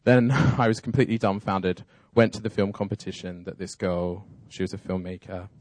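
Deep-voiced man sharing his testimony. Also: fairly even intonation, normal speed, darkish tone. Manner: earnest, storytelling. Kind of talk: personal testimony.

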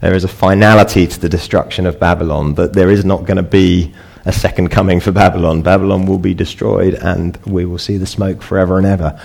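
Deep-voiced man preaching conversationally. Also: flat delivery, fairly quick, vocal fry, hardly any pauses, a little mellow. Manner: conversational preaching, rising emphatic peaks. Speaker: pastor. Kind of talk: sermon.

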